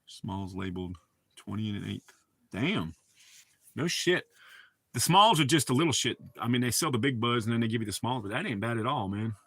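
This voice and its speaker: Bright-voiced Southern man, laid-back drawl. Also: medium pitch, expressive, a little fast, slightly rough, no echo. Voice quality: drawl, mouth full of dip. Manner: laid-back, swearing, laughs often. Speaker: streamer. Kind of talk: casual chat.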